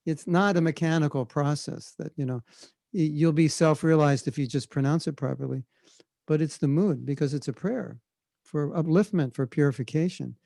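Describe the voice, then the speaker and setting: A man answering questions on a video call, telling a relaxed story and demonstrating chanting. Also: fairly high pitch, moderate pace, vocal fry, no room sound. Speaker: spiritual teacher answering questions.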